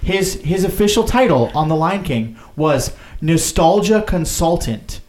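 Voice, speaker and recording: A man's voice: on the high side, animated, unhurried, a little mellow, a little hiss or hum. Guy talking movies, keeps restarting sentences, roomy echo. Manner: restarts sentences often, earnest. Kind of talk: casual chat. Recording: echoey room.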